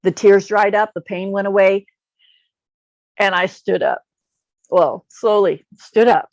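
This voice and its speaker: A woman's voice: mid-range voice, takes it slowly, no room sound, dull audio. A woman telling a personal story in a casual chat, emotional and laughing often as she talks. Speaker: guest.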